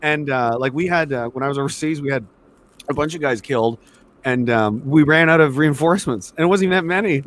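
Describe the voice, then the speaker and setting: A man's voice: fairly high pitch, fairly quick, a bit bright. A man from Canada, an army veteran, telling war stories in casual conversation with lots of swearing and rambling restarts. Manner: profane, rambling storyteller.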